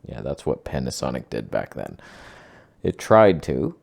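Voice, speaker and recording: A man's voice: a little slow, gravelly, slightly rough. A man casually rambling about his camera gear in a self-mocking vlog. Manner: rambling, self-mocking, animated with sudden pitch jumps. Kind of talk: casual talking-head vlog.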